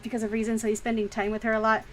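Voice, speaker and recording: A woman's voice: fairly high pitch, monotone, racing, fairly bright tone, slight background noise. A woman streaming while she draws, chatting casually and frankly, laughing often and swearing freely. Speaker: streaming artist. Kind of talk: casual chat during a drawing stream.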